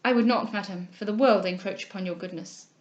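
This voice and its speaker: A woman reading a novel aloud, voicing an anxious, earnest young gentleman who pleads with the heroine. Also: mid-range voice, fairly quick, lo-fi sound, close to an everyday voice. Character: ardent, humble young gentleman suitor, anxious. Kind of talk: audiobook character reading.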